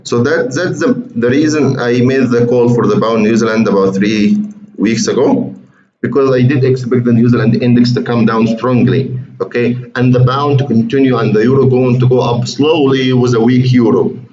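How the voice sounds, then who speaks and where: In a roomy, muffled recording with faint hiss, a trading educator shares his screen and walks viewers through charts. His mid-range voice has a darkish tone and a moderate pace, and he chats conversationally, repeating words and often calling his audience "guys."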